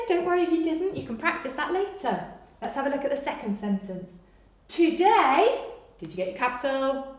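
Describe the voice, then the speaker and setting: A woman, a primary school teacher giving a remote lesson to young children, dictating slowly and praising a lot. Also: high voice, lively intonation, echoey room. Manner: slow, exaggerated dictation with big praise.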